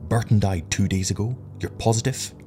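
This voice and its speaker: A man voicing a desperate, grasping aging ship captain who shouts and repeats himself insistently, with faint music behind. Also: on the low side, a little fast, voice pushed up, lightly acted. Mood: frantic.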